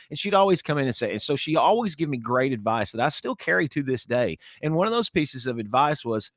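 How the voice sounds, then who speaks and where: A middle-aged man with a radio background co-hosting a casual chat. His pitch swings widely as he tells stories, often repeating words as he starts. The voice is recorded close and dry. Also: a little fast, few pauses, dry recording. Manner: lively storyteller, repeats words when starting. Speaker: podcast co-host, former radio personality.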